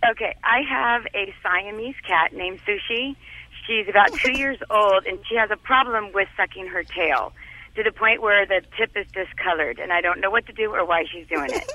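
A woman's voice: mid-range voice, moderate pace, bright, forceful tone, no room sound. A woman from Southern California calling in to a radio show, giddy and giggly about her cat question. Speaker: caller. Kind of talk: call-in question. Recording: dull phone line.

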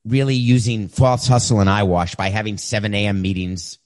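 A man's voice: fairly low pitch, normal speed. A man in his fifties hosting a podcast, answering listener questions in a direct, conversational way and telling stories. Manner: direct, conversational, animated when retelling. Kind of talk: casual storytelling.

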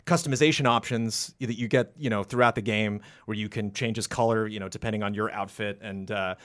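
A man in casual podcast chat, rambling and animated, acting out quotes with sudden jumps into a high voice. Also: a little fast. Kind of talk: casual podcast chat about video games.

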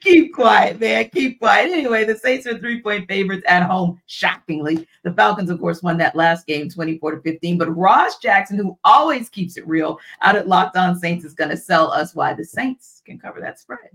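A man's voice: high voice, moderate pace, few pauses, fairly bright tone. A man hosting a sports podcast in casual chat, loose and talkative, and often repeating words as he goes. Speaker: podcast host.

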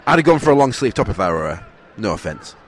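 A man's voice: on the low side, very animated, fast talker, husky. A man co-hosting a football chat show, teasing and laughing with his co-host. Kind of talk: casual banter commentary.

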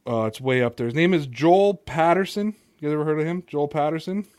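A man's voice: a little high, brisk, darkish tone, no echo, studio quality. Joking American Italian man hosting podcast. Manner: loose, joking, trails off and restarts. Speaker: podcast host. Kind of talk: casual podcast chat. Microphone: computer mic on a video call.

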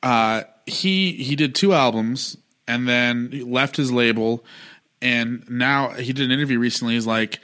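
A man's voice: medium pitch, a bit bright. A man hosting a podcast, talking casually in a rambling, chummy way with many fillers. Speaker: podcast host. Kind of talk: casual interview chat.

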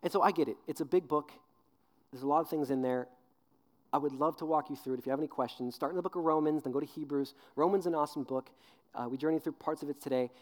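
A young man in his twenties delivers a sermon at a rapid clip, his voice sitting a little high. He tells stories with lively, acted-out voices and drops low and earnest when he makes his point. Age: 20s. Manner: animated storyteller, acts out voices with big pitch jumps. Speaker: youth pastor.

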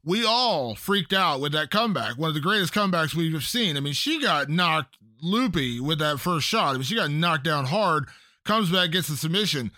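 A man's voice: on the high side, expressive, normal speed, pushed and bright, dry recording, studio quality. A man hosting a casual interview, stressing and repeating his points. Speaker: interview host.

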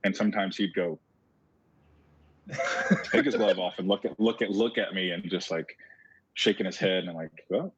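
A former baseball player, a man telling stories in a casual chat, animated and repeating words as he goes. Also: low-pitched, normal speed, long pauses, slightly rough. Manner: animated storyteller who repeats words as he talks. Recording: muffled lo-fi audio.

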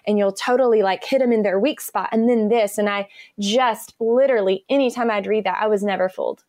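A woman's voice: medium pitch, quick pace, darkish tone, no echo, studio quality. A woman in her thirties with an American accent, a podcast guest chatting casually and telling stories with lots of fillers and enthusiasm. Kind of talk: casual interview chat.

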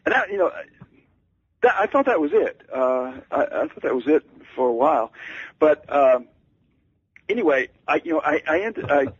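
Man guest, husky and gravelly, lively stammering storyteller, dull radio sound. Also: on the high side, dry recording. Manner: halting, stammering, self-deprecating. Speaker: author guest.

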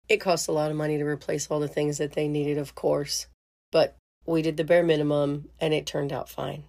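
A middle-aged woman hosting a podcast who tells a family story in a chatty, casual way, laughing often and saying "you know". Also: on the low side. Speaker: podcast host.

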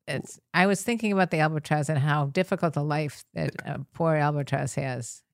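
An older woman co-hosting a podcast in casual chat, gently teasing and rambling. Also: low voice, fairly quick, vocal fry, dry recording, studio quality. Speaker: podcast co-host.

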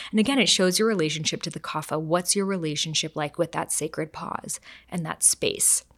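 Woman expert, lively interview talk, shifts pace to illustrate points. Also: fairly low pitch. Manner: animated explainer who acts out quoted voices and slows down to demonstrate. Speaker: Ayurveda expert and interview guest. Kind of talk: conversational podcast interview.

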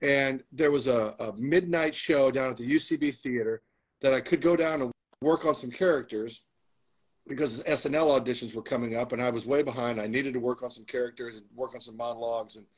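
A man's voice: mid-range voice, fairly quick, breathy edge, rough recording. A man being interviewed as a guest, telling a candid story with emphatic, motivational repetition. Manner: emphatic, motivational, repeats phrases for stress.

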